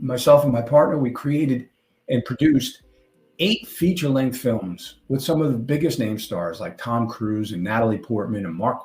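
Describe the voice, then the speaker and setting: A man's voice: mid-range voice, a little mellow. An older man with a New York accent giving a conversational conference talk, slipping in little jokes and asides. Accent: New York (Long Island). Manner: jokey, conversational presenter with asides. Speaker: conference speaker. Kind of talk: presentation talk. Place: conference hall stage. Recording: roomy hall sound.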